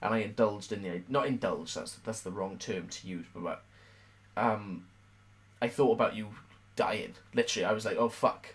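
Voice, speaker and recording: A man's voice: on the low side, moderate pace. A young Welsh man co-hosting a casual podcast chat, swearing freely and telling stories animatedly. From Wales. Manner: swearing, animated storyteller who puts on voices in quotes. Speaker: podcast co-host.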